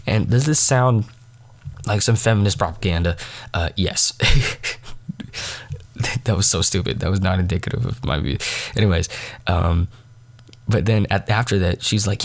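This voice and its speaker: Rambling young man with a low voice. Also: moderate pace, pauses often. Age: young adult. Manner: rambling, full of "like" fillers, self-mocking. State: sniffly. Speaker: podcast host. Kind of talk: casual late-night storytelling monologue.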